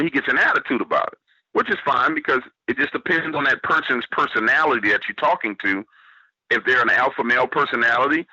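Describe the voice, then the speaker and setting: A man's voice: medium pitch, bright, forceful tone, slightly rough, no room sound, highs cut off. A man from New Orleans with a Southern accent, telling a story on a radio show and quoting what others said to him. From New Orleans, Louisiana, US. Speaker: guest storyteller.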